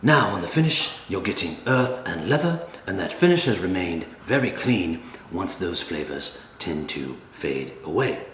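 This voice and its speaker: Deep-voiced deadpan male reviewer. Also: measured pace, hardly any pauses. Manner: dry, deadpan humor. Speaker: cigar reviewer, channel host. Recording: echoey room with faint ambient noise.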